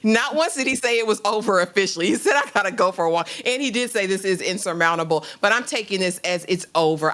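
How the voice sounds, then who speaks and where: A woman co-hosting a live TV recap, chatting casually and acting out characters' lines with animated delivery. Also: mid-range voice, fast talker, hardly any pauses. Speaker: podcast co-host.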